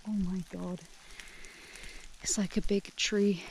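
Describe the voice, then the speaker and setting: A young woman, the hiking vlogger, talking casually to her handheld camera on a misty woodland trail outdoors, gushing and excitable, often laughing and dropping to hushed murmurs. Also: mid-range voice, slow, gravelly, a little hiss or hum. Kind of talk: casual vlog narration while hiking.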